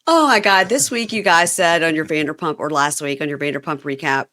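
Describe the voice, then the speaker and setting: A woman's voice: low voice, fairly quick, sharp tone, a little hiss or hum. A middle-aged woman hosting a podcast, chatty and wry as she recaps a show. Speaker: podcast host. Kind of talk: casual chat.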